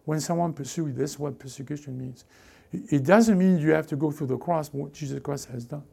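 Mellow, gravelly-voiced male pastor preaching. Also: fairly high pitch, brisk. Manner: animated, acts out quoted voices, frequent restarts. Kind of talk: sermon.

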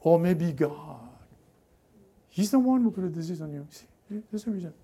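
A man preaching a sermon with fervent, repetitive call-and-response urging, swinging between loud exhortation and hushed asides. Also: high voice, lively intonation, fast talker, husky.

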